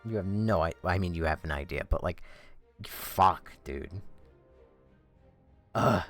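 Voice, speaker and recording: A man's voice: low voice, slow, fairly bright tone, faint music behind. A man ranting profanely and in exasperation while chatting on a game livestream from home. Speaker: game streamer. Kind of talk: livestream chat.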